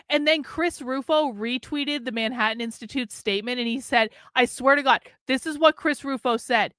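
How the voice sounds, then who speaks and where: A woman's voice: sits high, moderate pace, hardly any pauses, no echo, clean studio sound. A woman hosting a livestream, giving casual, profane, sarcastic commentary a few beers in. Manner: profane, animated, sarcastic, mocking. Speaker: political commentary livestream host.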